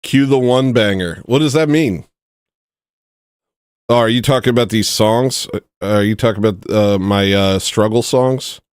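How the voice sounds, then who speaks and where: A man's voice: on the low side, a little slow, clean tone, dry recording, clean studio sound. A man hosting a casual livestream chat, rambling and joking at his own expense. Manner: rambling, joking, self-mocking. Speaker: livestream host.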